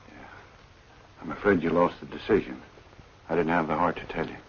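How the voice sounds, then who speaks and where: A blunt, grave man in an old film. His voice is extremely deep, with faint room noise on a muffled lo-fi track. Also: steady tone, fairly quick. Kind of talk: 1940s film acting. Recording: dull lo-fi 1940s film soundtrack.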